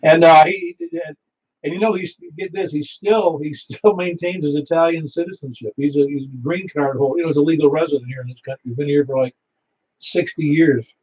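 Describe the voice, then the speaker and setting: A Niagara Falls, New York man serves as net control on an amateur radio net, his slightly mellow, higher voice moving a little fast. He chats, tells stories, and laughs easily, while the muffled lo-fi recording has slight background noise.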